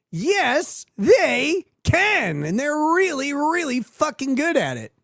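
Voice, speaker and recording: A man's voice: very high voice, huge pitch swings, slow, few pauses, fairly bright tone, dry recording, studio quality. A man hosting a livestream, reading viewer messages and answering them with crude, sardonic jokes and frequent laughter. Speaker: livestream host. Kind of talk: casual livestream commentary.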